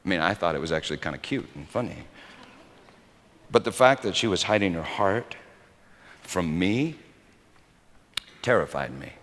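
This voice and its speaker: A male pastor delivers a sermon with lively, rolling intonation. He drops to quiet, intimate asides and then climbs to emphatic peaks as he tells his stories. The sound carries the long reverb of a large hall. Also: lowish voice. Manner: animated storytelling, swings from hushed to emphatic.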